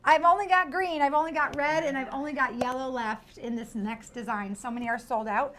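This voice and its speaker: A woman's voice: high-pitched, steady tone, fairly bright tone, a little hiss or hum. Bubbly woman shopping-channel host. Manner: bubbly, playful, quick sales patter. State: winded. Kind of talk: live home shopping pitch. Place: television studio.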